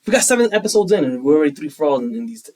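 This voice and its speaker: A young man co-hosting a podcast in casual, opinionated chat, animated and quick to act out quotes. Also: fairly high pitch, far from the mic, poor audio. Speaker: podcast co-host.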